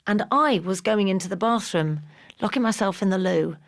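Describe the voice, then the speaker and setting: A middle-aged woman from England talks in a relaxed podcast chat. She tells her stories with energy and slips into other people's voices whenever she quotes them. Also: medium pitch, moderate pace. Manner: animated storyteller, acts out voices in quotes. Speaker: guest. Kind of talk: casual podcast conversation.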